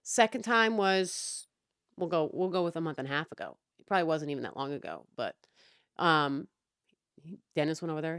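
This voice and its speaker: A young woman with a fairly low voice vents about her neighbors in a casual, sarcastic rant, swearing freely. The sound is dry and close, with no room around it. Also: lively intonation, brisk, fairly bright tone, clean tone, no echo. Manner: exasperated, profane, sarcastic. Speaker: podcast host.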